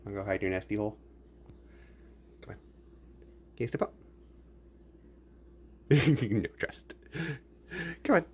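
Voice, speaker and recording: Low, lively man cooing at his pet. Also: fast talker, long pauses. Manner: playful sing-song baby talk, often laughing. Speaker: pet owner filming his bird. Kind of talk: casual talk to a pet. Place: home kitchen.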